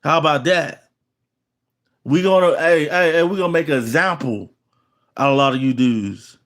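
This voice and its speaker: Here the channel host's voice sits on the high side and sounds a bit bright, moving at normal speed. The middle-aged man, who speaks with an African American Vernacular English accent, keeps ranting at viewers, boastful, threatening and repetitive.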